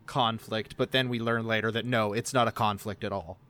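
A man's voice: lowish voice, steady tone, normal speed, a bit bright. A man co-hosting a podcast, chatting casually with a sardonic edge and casual swearing. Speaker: podcast co-host. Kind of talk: casual chat.

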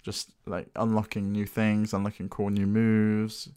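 A man's voice: fairly low pitch, completely flat delivery, unhurried, dark tone, smooth, no echo, clean studio sound. A man co-hosting a podcast, chatting in an easygoing, wry way. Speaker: podcast co-host. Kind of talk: casual chat.

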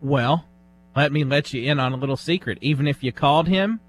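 A man co-hosting a radio show, joking in a dry, deliberate way during casual banter. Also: a little high. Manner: dry, deliberate, wry humor. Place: radio studio.

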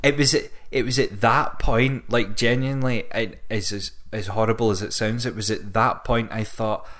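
Low-voiced man, wry and hesitant. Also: fairly even intonation, normal speed, a bit bright. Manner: hesitant, self-correcting, wry. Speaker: podcast co-host. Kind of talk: casual chat about retro games.

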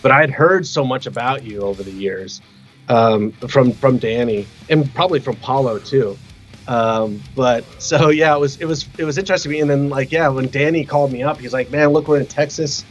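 A man guesting on a podcast, spinning a rowdy anecdote with plenty of swearing and acted-out voices. His voice sits at an ordinary pitch. The audio is dull and lo-fi, with faint music underneath. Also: moderate pace. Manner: animated, profane, acts out quotes with shouts. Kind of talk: casual storytelling.

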